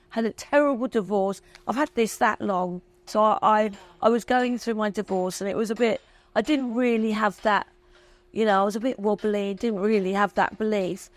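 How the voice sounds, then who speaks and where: A woman in her fifties, a guest talking candidly and emotionally, chatty and self-mocking. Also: mid-range voice. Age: 50s. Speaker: interview guest. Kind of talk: candid chat.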